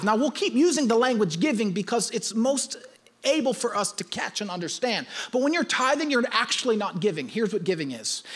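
A man's voice: high voice, a bit bright. A male pastor preaching, emphatic and teaching, repeating his key points. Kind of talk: sermon.

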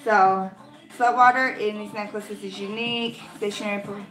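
A woman's voice: mid-range voice, normal speed. Gushing woman with roomy echo. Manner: gushing, excitable, heavy use of 'like'. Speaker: vlogger. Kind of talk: casual unboxing chat. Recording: roomy echo with faint music.

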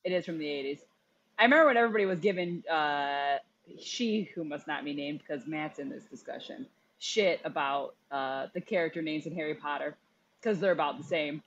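A woman co-hosting a podcast in casual chat, blunt, animated and opinionated. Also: sits low, a little fast, muffled recording. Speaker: podcast co-host.

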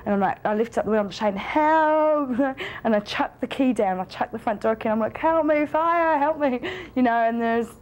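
A woman's voice: on the high side, steady tone, fast talker, few pauses, a little mellow, muffled recording, natural voice. An actress playing a frank woman telling a long story in a rambling way, full of fillers and swearing. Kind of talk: casual rambling anecdote.

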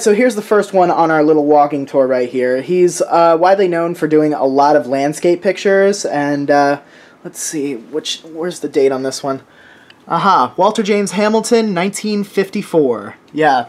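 A man's voice: fairly high pitch, a little mellow. A man in his twenties, vlogging casually at home, who talks in a rambling, sentimental way with lots of fillers and restarts. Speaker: vlogger showing family artwork. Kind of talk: casual show-and-tell vlog. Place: at home, indoors.

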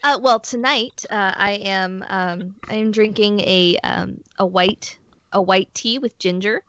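A woman's voice: medium pitch, a little slow, a bit bright, no room sound, highs cut off. A woman, a guest on a casual podcast chat, bubbly but hesitant, with many ums.

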